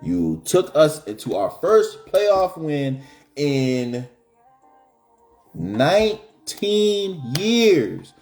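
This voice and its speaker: A man's voice: on the high side, sing-song, extremely slow, a little mellow, faint music behind. A middle-aged man hosting a live stream, joking in slangy casual chat.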